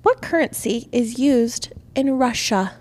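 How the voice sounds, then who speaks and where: A woman's voice: fairly high pitch, lively intonation, measured pace, darkish tone. A young woman co-hosting a podcast, reading trivia questions and teasing her co-host in casual chat. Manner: playful, teasing quizmaster.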